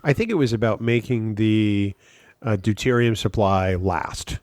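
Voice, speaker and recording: A man's voice: fairly low pitch, a little slow, a little mellow, no echo. Thoughtful male podcast co-host, dry sound. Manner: thoughtful, explains with everyday comparisons, many ums. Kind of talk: casual podcast chat.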